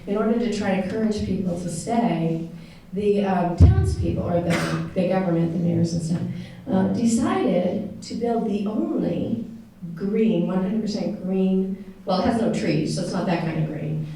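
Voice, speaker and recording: In an echoey room, an American woman speaking at a mid-range pitch tells an audience a story from her own life. She talks a little slowly with a dark tone, and the distant recording picks up some noise.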